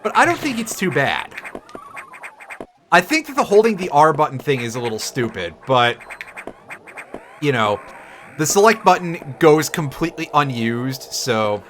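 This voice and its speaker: A man's voice: a little high, big pitch swings, unhurried, pauses often, a bit bright, slight background noise. A man streaming a game, giving casual, sarcastic commentary with swearing and jokes. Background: game music.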